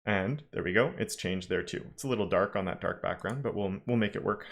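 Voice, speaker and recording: A man's voice: lowish voice, brisk. A man teaching a live-streamed coding lesson, talking casually and thinking aloud with frequent self-corrections. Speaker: web development instructor.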